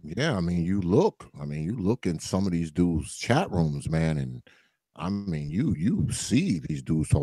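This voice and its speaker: A man's voice: sits low, very animated, a little slow, gravelly, husky, dry recording. A man hosting a podcast in casual, loose chat, swearing freely and laughing often. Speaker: podcast host.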